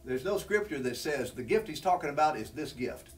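A man's voice: on the high side, lively intonation, fairly quick, far from the mic. A man preaching a sermon, teaching from scripture in an earnest, conversational way that rises when he presses a point. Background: congregation responding.

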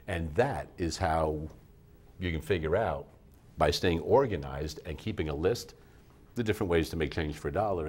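A man with a low, slightly mellow voice speaks animatedly at a normal speed, with faint music in the background. He hosts a math TV show from a studio, teaching patiently and coaxingly like a classroom teacher and often checking in with listeners by asking "all right?".

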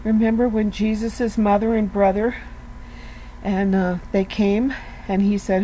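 A woman's voice: mid-range voice, level tone, unhurried, dark tone, a little hiss or hum, poor audio. A woman giving a casual devotional talk, conversational and earnest, asking her listeners rhetorical questions and often saying "you know". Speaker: devotional speaker.

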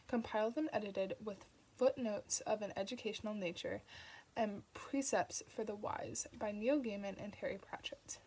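A woman narrating an audiobook in a soft, unhurried reading manner, sometimes tripping over names. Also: mid-range voice, breathy edge, rough recording. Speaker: audiobook reader.

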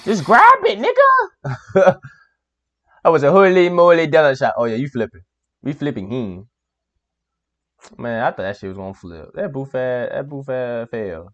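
A young man hosting a reaction video, giving casual commentary that is animated, exclamatory and profane, and laughing often. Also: medium pitch, normal speed, pauses often, highs cut off.

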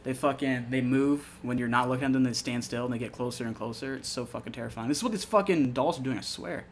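A fast-talking young man with a medium-pitched voice gives loose commentary while playing a horror game. He's profane, easily rattled, and quick to yelp when scared. The recording carries slight background noise.

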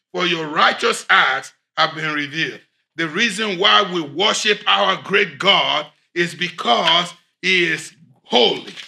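A man preaching a sermon as pastor, reading scripture aloud and breaking into shouted emphasis. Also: high voice, creaky.

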